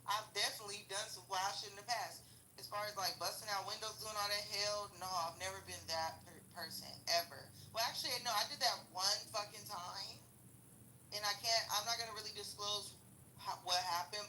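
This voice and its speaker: A woman with a very bright, sharp, forceful voice rants casually about her past. She is blunt and profane, heavy on slang, and laughs through her own stories. A faint hiss sits behind her. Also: mid-range voice, fairly even intonation, fairly quick, low-quality recording. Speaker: vlogger. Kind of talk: casual storytelling rant.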